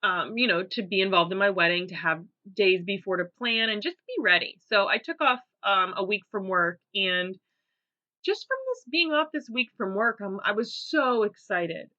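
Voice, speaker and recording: A young woman talks through her own solo podcast in a bright, forceful voice, chatty and upbeat, quick to laugh, with lots of "you know" and "um". The recording is a little dull and lo-fi, like a simple home setup. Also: mid-range voice. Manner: chatty and upbeat, laughs easily, many fillers. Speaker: podcast host. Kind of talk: casual solo podcast monologue.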